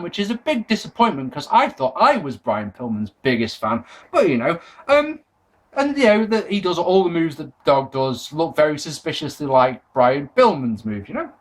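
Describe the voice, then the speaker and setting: Addressing viewers straight on, this male wrestling critic rambles casually, cursing and dripping with sarcasm as he grows exasperated by the match in front of him. His delivery is animated, climbing up and falling down in pitch.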